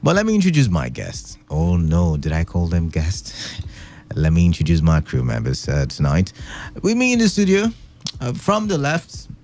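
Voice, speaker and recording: A man's voice: mid-range voice, darkish tone. A man hosting an evening radio show in a studio, chatty and playful, rambling with lots of fillers. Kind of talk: casual radio talk. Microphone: studio microphone.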